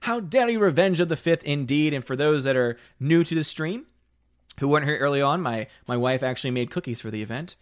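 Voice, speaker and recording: A man's voice: mid-range voice, fairly quick. A man hosting a live stream, reading out viewer comments in a casual, joking way and laughing often.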